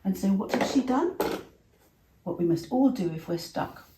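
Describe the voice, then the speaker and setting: A woman telling a Bible story to children in a gentle way, asking her listeners questions. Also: medium pitch, animated, moderate pace. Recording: roomy echo.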